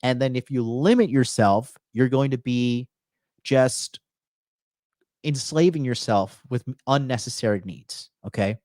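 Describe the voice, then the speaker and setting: A man's voice: medium pitch, unhurried, a little mellow, no echo, clean studio sound. A man streaming live as a dating coach, giving profane, emphatic advice and reading chat, repeating lines for punch. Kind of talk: livestream monologue reading chat.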